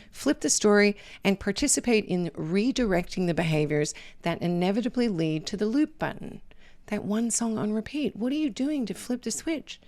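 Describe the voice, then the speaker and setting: On her podcast, a woman with a mid-range, slightly mellow voice offers casual life advice. The talk is conversational, her points often ending with "right?", and now and then she slips into a whisper.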